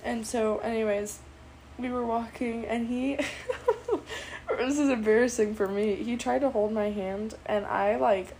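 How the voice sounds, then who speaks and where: Bubbly teen girl with a gravelly edge. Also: a little high, warm tone, a little hiss or hum, rough recording. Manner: chatty, bubbly, full of fillers and quoted dialogue. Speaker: student telling a personal story. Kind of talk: casual storytelling to camera.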